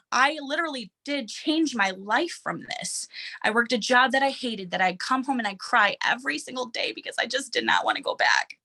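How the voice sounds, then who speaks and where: A woman in her thirties speaks to her team in an earnest, emotional motivational talk, stumbling and restarting now and then. Her voice is bright and sits a little high. It sounds like she is recording from a room in her home.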